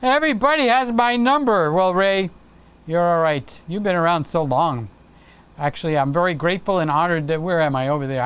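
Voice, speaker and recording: A man's voice: sits high, animated, brisk, a bit bright, clean tone. A man hosting a live stream, chatting casually and playfully with viewers and reading out their comments. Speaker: livestream host.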